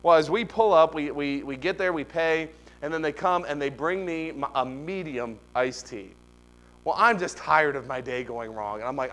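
A middle-aged male pastor delivers a sermon in a fairly high voice. He tells stories in an animated way and leans into emphatic, rising questions. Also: brisk.

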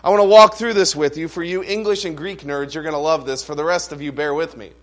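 A man preaching a sermon, explaining scripture in a conversational way with asides and humor, slowing down to stress key phrases. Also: on the high side, fairly even intonation. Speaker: pastor.

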